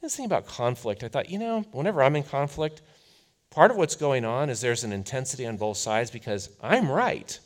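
Animated, conversational male preacher. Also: mid-range voice, fairly quick. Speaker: pastor. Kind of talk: sermon.

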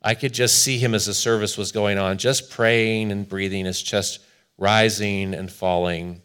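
A man's voice: on the low side, fairly even intonation, unhurried, a bit bright, clear, resonant tone. A man preaching a sermon as pastor, telling a story in an earnest manner with quoted voices.

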